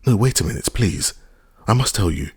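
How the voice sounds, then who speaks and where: A man's voice: on the low side, animated, normal speed, breathy edge, no echo, clean studio sound, voice pushed up, exaggerated voice. A man reading an audiobook, voicing an agitated young married woman who speaks hastily and pleadingly.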